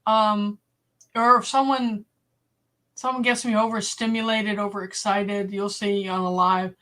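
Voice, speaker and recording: A woman's voice: medium pitch, unhurried. Blunt woman from Boston, telling stories. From Boston area. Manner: blunt, animated storyteller, acts out quoted voices. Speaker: livestream host. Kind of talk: casual storytelling to a live chat.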